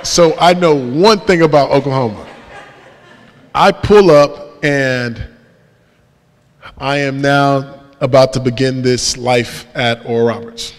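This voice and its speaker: A young man giving a storytelling testimony as a guest speaker in a church, lively and self-mocking, acting out dialogue. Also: medium pitch, slow. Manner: lively storyteller who acts out dialogue and laughs at himself. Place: church sanctuary. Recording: long church-hall reverb.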